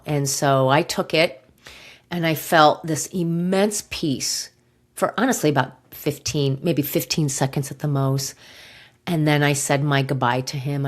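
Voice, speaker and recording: A middle-aged woman hosting a podcast, telling a personal story in an emotional, halting way with sighs and pauses, close to tears. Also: deep voice. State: near tears. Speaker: podcast host.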